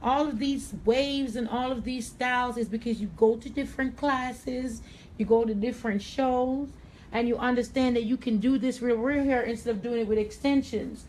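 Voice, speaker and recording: A woman's voice: a little high, fairly even intonation, moderate pace, darkish tone, a little hiss or hum, poor audio. A woman with a Jamaican accent, hosting a chatty live hair tutorial and calling viewers honey. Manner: sassy, calls listeners honey. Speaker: hairstylist host.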